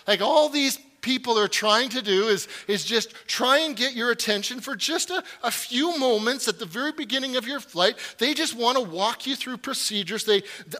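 Male pastor, high bright voice, chatty and self-deprecating, humorous sermon delivery. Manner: chatty, self-deprecating storytelling with many "right?" asides.

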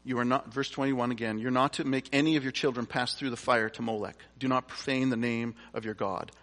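Guy preaching, reads verses then chats about them, mid pitch, long echo off a big hall. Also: steady tone, a little fast, a bit bright. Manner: conversational, with casual asides between verses. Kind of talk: sermon with scripture reading. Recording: long reverb from a large hall.

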